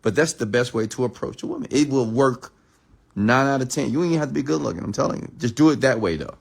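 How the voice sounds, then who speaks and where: A man giving a late-night motivational rant, emphatic and repetitive, sometimes dropping to a hushed whisper to act out lines. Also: medium pitch, lively intonation, fast talker, gravelly, husky. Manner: emphatic, repeats "I'm telling you", drops to a hushed whisper when acting out lines. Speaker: entrepreneur and mentor.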